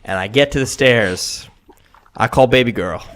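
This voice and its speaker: A man on a casual sports podcast, spinning a long story and jumping into higher voices for the people he quotes. He swears freely and keeps an easy, mid-pitched tone. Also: moderate pace, fairly bright tone. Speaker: podcast co-host.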